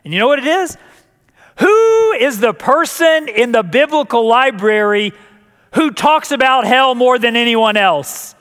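A man's voice: very high-pitched, lively intonation, a little slow, fairly bright tone, big-room sound. A man pastor preaching a sermon in a joking way, often repeating words and restarting sentences.

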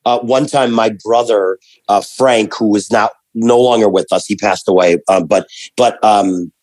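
A man telling family stories in casual conversation, animated and rambling, with many restarts and fillers. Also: fairly low pitch, a little slow, no echo, rough recording.

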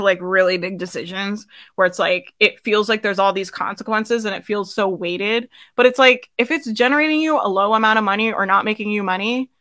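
A woman in her thirties coaching a live online group, chatty and quick to laugh, tired and losing her voice. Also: medium pitch, bright, forceful tone. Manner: chatty, laughs often, many fillers. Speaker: business coach hosting a live session. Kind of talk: casual live-stream coaching.

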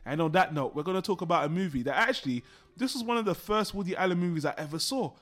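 A man's voice: sits high, lively intonation, fast talker, a bit bright, faint music behind. A man hosting a film podcast in casual talk, showy and teasing, playing up the drama. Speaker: podcast co-host.

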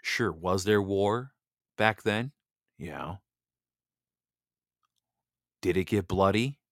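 A man's voice: low-pitched, extremely slow, fairly bright tone, no room sound, clean studio sound. A man hosting a Bible reading show, delivering a heated, blunt monologue and stumbling over repeated words when he gets worked up. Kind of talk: impassioned political monologue.

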